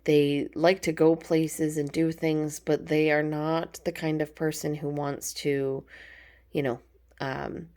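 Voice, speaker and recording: A woman's voice: low voice, flat delivery, slow, mellow. A woman giving a casual, chatty tarot card reading, informal and affectionate, with frequent ums. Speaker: tarot reader.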